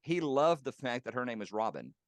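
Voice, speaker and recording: A man who works as a professional puppeteer is a guest in a relaxed at-home interview, fondly recalling colleagues and breaking into laughter during his anecdotes. His medium-pitched voice swings widely in pitch and moves fairly quickly. The recording has no echo and studio-quality sound.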